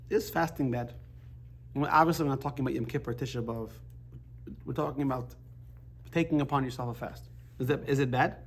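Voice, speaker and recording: A man teaching a Torah class in a chatty, halting way, telling jokes and restarting his sentences. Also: fairly high pitch, a little mellow, a little hiss or hum.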